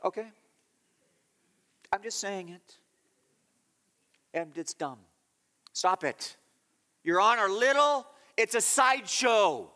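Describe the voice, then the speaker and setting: Male pastor, bright, slightly high voice, sermon delivery with emphatic swings. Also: animated, takes it slowly, pauses often, long reverb tail. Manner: teaching tone, swings from low explaining to loud emphatic scolding.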